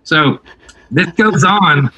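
A man, a guest musician, telling an animated story in a casual interview, with many fillers and restarts. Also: a little high, very slow, highs cut off, background noise.

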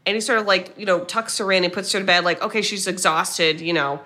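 A woman co-hosting a podcast, retelling a film's plot in a casual, animated way, quoting the characters and swearing now and then. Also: lowish voice, fast talker. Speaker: podcast co-host. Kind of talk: casual movie recap chat.

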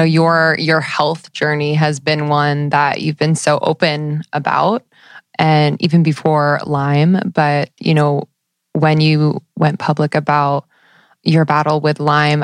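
Woman host with a low voice, gushing questions, dry sound. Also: no echo. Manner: warm-hearted, effusive questioning. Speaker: podcast host. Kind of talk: casual interview chat.

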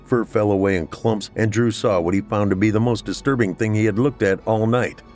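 A man narrating a scripted horror story in a steady, measured way. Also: on the low side, faint music behind.

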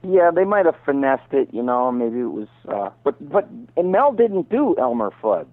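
A middle-aged man, a voice actor guest, telling rambling showbiz stories over the phone and slipping into quick impressions. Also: medium pitch, sing-song, no echo. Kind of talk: casual phone interview. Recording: tinny phone line.

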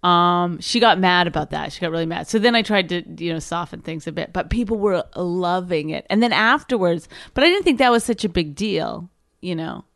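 A woman's voice: fairly low pitch, fairly quick, creaky, no room sound, studio quality. A woman comedian casually telling a story, chattering with lots of "like" and acting out what people said. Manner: animated, lots of "like" and "I go", acts out quoted voices. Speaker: stand-up comedian.

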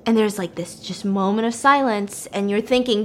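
A woman's voice: mid-range voice, fairly even intonation, moderate pace, hardly any pauses. A young woman hosting a casual chat, animatedly retelling a story while baking. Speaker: host.

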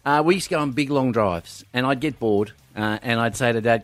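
A man's voice: mid-range voice, no echo. A man co-hosting a breakfast radio podcast, talking in playful, teasing banter. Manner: playful, teasing, quick to laugh. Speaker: radio co-host.

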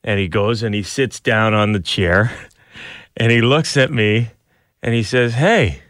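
A man's voice: fairly low pitch, unhurried, no echo, studio quality. A man in his thirties, a radio show host, telling family stories in casual banter, laughing often and acting out other people's lines. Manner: animated storyteller, laughs often, acts out his child's lines.

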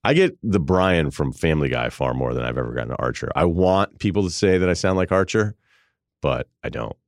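A man's voice: extremely low pitch, animated, a little fast, no room sound, clean studio sound. A male podcast host in his forties, telling a rambling, self-amused comic story in casual chat. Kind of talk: casual comedic monologue.

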